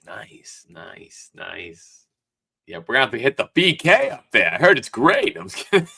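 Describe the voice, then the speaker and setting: Animated man with a bright voice. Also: mid-range voice, fast talker. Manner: animated, profane storytelling. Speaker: podcast co-host. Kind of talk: casual chat.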